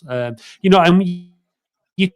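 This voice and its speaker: A man's voice: high voice, lively intonation, slow pace, clean tone. A man co-hosting a football phone-in, chatting casually with frequent laughs and restarts. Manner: chatty, rambling, laughs often. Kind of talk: casual chat. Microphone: streamed online call setup.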